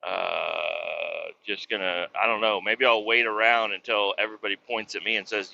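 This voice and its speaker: A man's voice: fairly low pitch, steady tone, normal speed, vocal fry, sharp tone, lo-fi sound. A man in his thirties hosting a solo podcast, ranting casually and profanely in a rambling, exasperated way. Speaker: podcast host.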